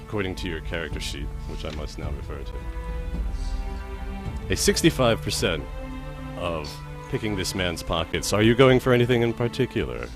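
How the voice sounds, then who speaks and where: Deep-voiced male dungeon master. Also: expressive, over music. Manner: chatty, quick asides, laughs often. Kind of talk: narrating a tabletop game on a livestream.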